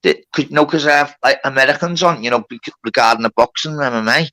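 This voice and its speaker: A man's voice: medium pitch, fast, pushed and bright. A man telling a long story on a livestream, with lots of swearing and reported speech. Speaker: livestream host. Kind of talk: casual storytelling.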